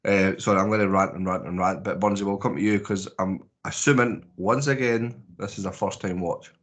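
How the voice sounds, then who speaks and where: A man's voice: sits low, steady tone, fairly quick. A Scottish man co-hosting a podcast, reviewing a movie in casual, rambling chat with lots of swearing and restarts. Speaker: podcast co-host.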